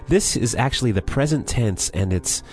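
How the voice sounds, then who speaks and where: A man's voice: mid-range voice, animated, moderate pace, a little mellow, faint music behind. A man hosting a language lesson, asking his co-host questions in a friendly way and laughing often. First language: English.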